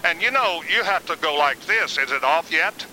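A man's voice: fairly high pitch, expressive, normal speed, pushed and bright, slight background noise, rough recording. Folksy older man preaching. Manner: folksy, conversational, storytelling. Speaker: Bible teacher. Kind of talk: folksy sermon with personal stories.

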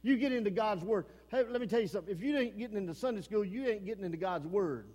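A man with an East Texas accent preaching a fiery sermon as pastor, swinging between shouted warnings and low, earnest pleading. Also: expressive, fast. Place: church sanctuary. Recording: long hall reverb.

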